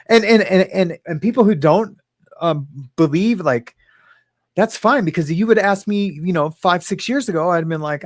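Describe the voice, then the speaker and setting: Broadcasting a casual livestream from his living room, a man with a high voice speaks at a moderate pace. He chats loosely, reads viewer comments out loud, and laughs frequently. The audio comes from a webcam or phone at home and has no room sound.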